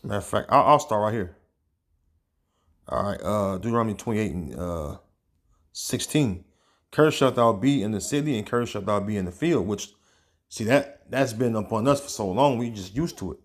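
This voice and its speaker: A man giving informal religious teaching, talking loosely with many fillers and reading passages aloud as he searches for them. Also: fairly low pitch. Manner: casual, peppered with "man" and "all right"; reads scripture and news aloud, pausing to search. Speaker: online preacher.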